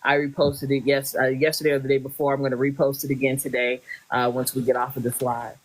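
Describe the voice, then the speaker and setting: A woman's voice: rumbling low, little pitch movement, quick pace. A woman hosting a poetry live stream, giving effusive introductions over a video call. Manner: warm, effusive introductions with frequent laughter. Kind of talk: hosting chat.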